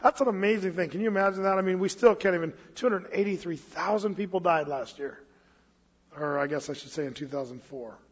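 A fairly high-voiced man preaching in an easy, chatty way, slowing down whenever he reads scripture aloud. His voice carries a long hall reverb, and the recording sounds slightly muffled. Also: breathy edge. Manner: casual, storytelling, reads scripture slowly. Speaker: pastor. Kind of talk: expository sermon.

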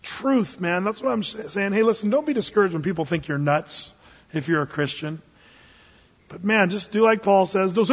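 A man preaches as a pastor in a casual, folksy way, mixing plain talk with dramatic readings of scripture. His voice sits high for a man and sounds husky. The recording is dull and lo-fi, with a long reverb from the hall. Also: lively intonation, moderate pace. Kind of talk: expository sermon.

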